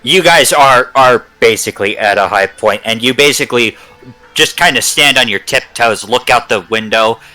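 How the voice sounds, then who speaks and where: A man narrating a tabletop game as game master, speaking in a halting way with many fillers. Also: medium pitch, pushed and bright, faint music behind, rough recording.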